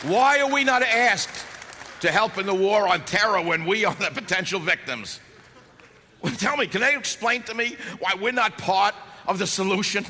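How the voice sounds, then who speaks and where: A talk radio host giving an impassioned, sarcastic political speech to a live audience, shouting at times. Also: male voice, sits high, normal speed, some chatter behind. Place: large hall before a live audience. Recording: echoey hall with faint background noise.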